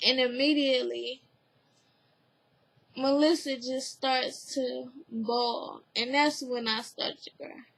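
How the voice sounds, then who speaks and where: Slow, high-voiced woman recapping TV. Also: steady tone, creaky, a bit bright, poor audio. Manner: rambling, heavy use of "like" and "you know"; earnest and emotionally open. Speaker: TV recap vlogger. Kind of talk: casual spoken episode review.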